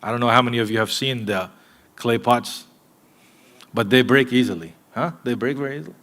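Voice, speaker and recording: A man preaching a sermon in a mosque, earnest and direct with his listeners, moving between emphatic points and hushed asides. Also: medium pitch, brisk. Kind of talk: sermon to a live congregation.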